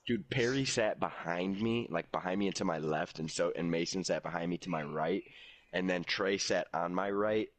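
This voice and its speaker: Young man, very low voice, dry close sound, casual podcast chat, swears freely. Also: normal speed, no room sound. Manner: loose, profane storytelling. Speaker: podcast co-host.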